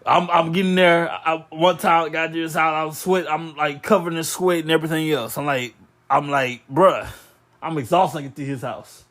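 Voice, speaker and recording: Stammering man, fairly high voice. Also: moderate pace. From Louisiana. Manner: stammering restarts, relaxed, many listening noises. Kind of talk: casual storytelling chat.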